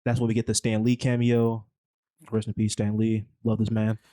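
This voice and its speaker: Guy recapping a movie on his podcast, low mellow voice, rambly and slangy. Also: completely flat delivery, moderate pace, dry recording. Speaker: podcast co-host.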